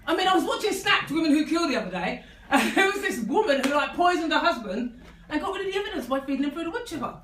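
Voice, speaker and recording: A woman's voice: high-pitched, very animated, fast talker, fairly bright tone, recorded from a distance. A woman performing a stand-up comedy set, laughing at her own jokes and leaning on "I mean.". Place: comedy venue with live audience. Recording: echoey room recorded from afar, noisy.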